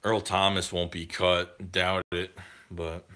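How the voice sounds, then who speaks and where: A man's voice: deep voice, flat delivery, takes it slowly, bright, forceful tone. A man streaming live, talking with chat in a heated, profane rant about football.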